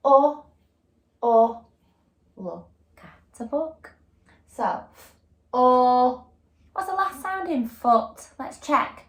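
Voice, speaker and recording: Animated teacher stretching out sounds. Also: female voice, fairly high pitch, slow, pauses often, reverberant. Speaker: reception class teacher. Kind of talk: phonics lesson for young children.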